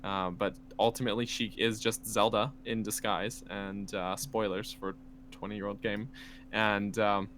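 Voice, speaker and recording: Guy on a gaming podcast, lowish voice, rambles w lots of ums and laughs. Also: little pitch movement, a little slow, fairly bright tone, a little hiss or hum. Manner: rambling, laughs often, many fillers. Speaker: podcast co-host. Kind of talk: casual podcast chat.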